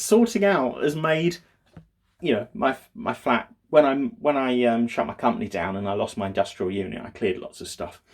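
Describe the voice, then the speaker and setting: A man talking in a casual daily video diary, rambling and hesitant with many fillers, sounding low and downbeat. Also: a little mellow. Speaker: vlogger.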